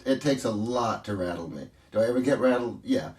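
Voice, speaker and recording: A man speaking as a coach in a casual interview, telling stories in an animated way and laughing easily. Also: medium pitch, brisk, echoey room, distant mic.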